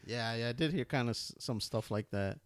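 A man co-hosting a podcast, telling relaxed stories and chatting casually. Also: a little fast, no room sound. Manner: laid-back storytelling, quotes his son in a high voice. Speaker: podcast co-host.

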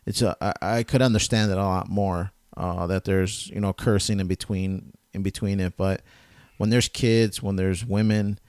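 A man's voice: low voice, fairly even intonation, moderate pace, hardly any pauses, a little mellow, clean tone, no room sound, studio quality. A man in his thirties with young kids, co-hosting a casual chat and explaining his views at length. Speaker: podcast co-host.

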